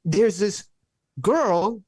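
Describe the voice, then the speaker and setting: A man telling a story on a podcast by video call, animated, swearing freely and acting out the people in it. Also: high voice, very slow, breathy edge, dry recording. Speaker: podcast guest. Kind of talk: casual storytelling. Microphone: own mic, peaking.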